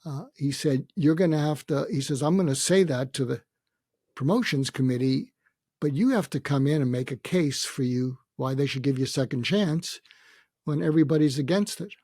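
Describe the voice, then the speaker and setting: An older man, a podcast guest, telling a personal story reflectively, pausing often and quoting what others said. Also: on the high side, a little mellow, no echo, studio quality. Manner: reflective, with many hesitations and quoted dialogue. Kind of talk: storytelling in a conversation.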